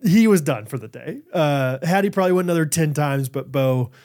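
A man in his thirties co-hosting a podcast, telling stories in casual chat and acting out shouted quotes. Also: a little high, a little fast. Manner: animated storyteller, acts out shouted quotes. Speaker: podcast co-host.

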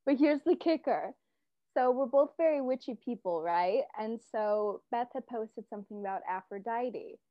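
A woman's voice: on the high side, moderate pace, no echo. Woman guest on dull, dry call audio. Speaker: podcast guest. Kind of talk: casual chat.

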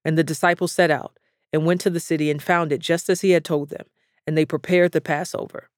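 A man giving a scripted Bible reading in a measured, even, solemn delivery. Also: a little high, no echo, studio quality. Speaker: scripture reader.

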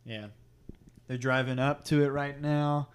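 A man's voice: medium pitch, steady tone, unhurried, clean tone. A man hosting a podcast, chatting casually and laughing often while watching a movie at home, slipping into playful impressions. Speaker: podcast host. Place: living room at home.

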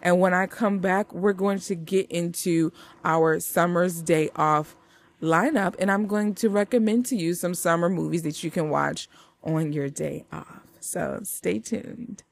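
Podcast host, woman, chatty and upbeat, slow unhurried delivery, lowish voice. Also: gravelly. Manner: chatty, hyped, talks straight to listeners. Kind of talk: casual movie-review podcast.

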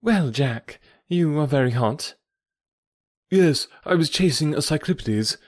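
A man's voice: a little high, lively intonation, unhurried, darkish tone, dry recording, clean studio sound. A man voicing an adult male naturalist in an audiobook, talking in an easy, unconcerned way. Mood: guarded. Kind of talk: audiobook character voice.

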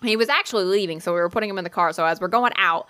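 A woman's voice: on the low side, racing, bright, forceful tone, smooth, no room sound. A woman casually telling a funny story on a podcast, full of "like" and "bro", swearing freely and laughing along. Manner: profane, laid-back, heavy use of "like" and "bro"; laughs through her own story. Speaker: podcast co-host.

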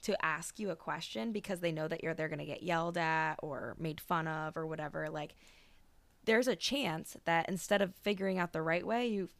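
A woman's voice: low-pitched, normal speed, dry recording. A woman co-hosting a podcast, giving blunt opinions and thinking aloud in casual chat. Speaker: podcast co-host.

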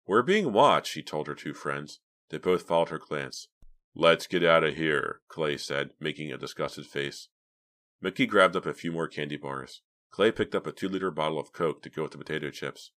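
Very deep-voiced male audiobook narrator. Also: moderate pace, a bit bright. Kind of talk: scripted narration.

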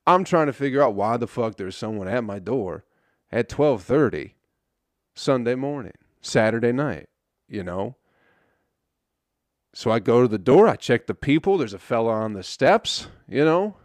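A man's voice: medium pitch, lively intonation, a little slow, dry recording. A young man hosting a podcast, telling a story in a loose, casual monologue full of swearing. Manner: laid-back storytelling, swears often. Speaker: podcast host.

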